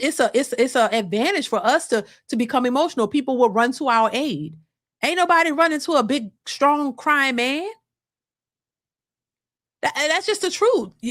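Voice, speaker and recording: A woman's voice: high-pitched, no room sound, clean studio sound. A woman, talking casually and emphatically as host of a livestream. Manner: animated, emphatic, restarts often. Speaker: host of a reaction channel.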